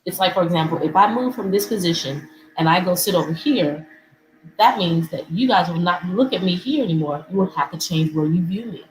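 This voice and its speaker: A woman's voice: lowish voice, expressive, a little fast, roomy sound, poor audio. A woman hosting a talk show, speaking emphatically and repeating key phrases. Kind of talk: casual talk show conversation.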